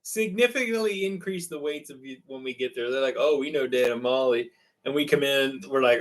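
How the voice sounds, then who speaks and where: A man's voice: medium pitch, fairly quick, poor audio. A man co-hosting a casual chat, retelling stories and acting out what other people said. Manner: animated, acts out other people's lines. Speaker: co-host.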